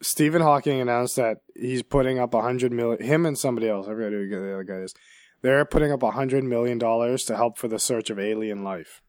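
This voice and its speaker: A man's voice: medium pitch, brisk, darkish tone. A man co-hosting a podcast in casual banter, asking questions, steering topics and repeating his phrases. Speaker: podcast co-host.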